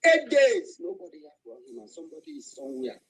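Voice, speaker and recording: A man with a Nigerian Igbo accent races through an angry, emotional speech in an online activist voice room, preaching and calling out to listeners until he rises to cries. His voice is fairly high with a dark tone and breathy edge, captured in poor audio.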